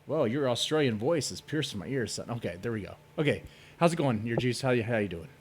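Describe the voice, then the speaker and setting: A man's voice: mid-range voice, lively intonation, fast, breathy edge. A man hosting a casual livestream debate, rambling and joking with his chat. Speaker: stream host.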